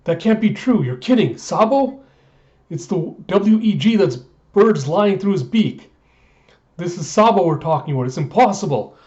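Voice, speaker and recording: A man voicing a frantic male revolutionary soldier who cries out in shrill disbelief, on a dull lo-fi recording. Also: lively intonation, moderate pace, darkish tone.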